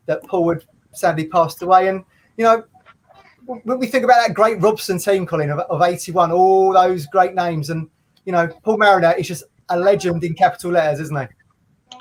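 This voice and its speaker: A man's voice: sits high, steady tone, fairly quick. A man hosting a casual podcast, friendly and chatty as he leads the conversation. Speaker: podcast host.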